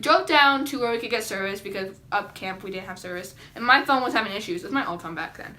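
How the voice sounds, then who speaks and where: Teenage girl, casual vlog storyteller, high voice, bright tone, rambling and giggly. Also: quick pace. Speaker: vlogger.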